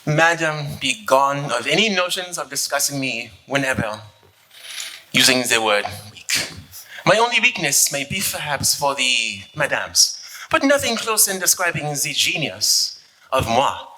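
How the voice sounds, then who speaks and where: A man's voice: medium pitch, big pitch swings, a little slow, sharp tone, exaggerated voice, low-quality recording. An actor with a put-on French accent playing a vain, flirtatious eighteenth-century French nobleman, fencer and composer, in a comedic stage skit. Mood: boastful. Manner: pompous, boastful, theatrical.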